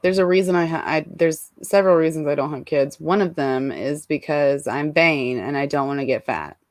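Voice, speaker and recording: A woman's voice: low voice, normal speed, no room sound. A woman guest in a casual chat, blunt and cheeky, swearing freely.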